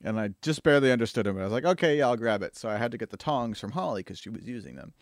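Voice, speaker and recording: A young American man co-hosting a podcast, telling a story with animated energy and casual chat. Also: medium pitch, racing. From United States. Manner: animated storytelling, slips into silly voices. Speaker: podcast co-host.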